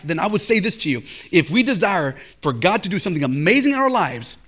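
A middle-aged male pastor preaching a sermon at a college chapel, telling stories with big swings from loud to hushed. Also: high-pitched, sing-song, fast, hardly any pauses.

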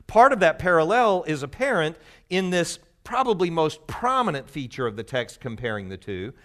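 A man's voice: fairly high pitch, sing-song, normal speed, fairly bright tone. A man giving a conversational, explanatory Bible teaching to a live group, teasing the audience now and then.

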